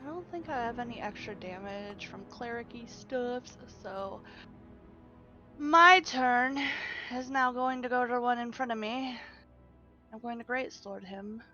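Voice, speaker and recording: Female player, bright and fairly high, casual and blunt, dull lo-fi line. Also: measured pace, soft background music. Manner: casual, blunt, swears freely. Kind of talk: casual tabletop game play.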